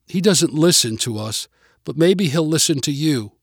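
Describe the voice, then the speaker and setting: A man voicing a small, teary boy who speaks softly and earnestly in a storybook reading. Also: fairly high pitch, lively intonation, normal speed, husky, no echo, studio quality. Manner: soft, earnest pleading. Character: hopeful small boy, teary and soft-spoken.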